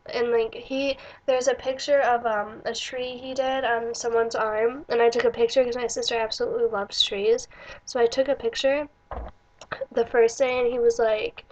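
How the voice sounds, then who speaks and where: A woman's voice: fairly high pitch, flat delivery, normal speed, slight background noise, poor audio. A young woman vlogger telling stories casually, rambling with many fillers and restarts. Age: young adult. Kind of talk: casual storytelling vlog.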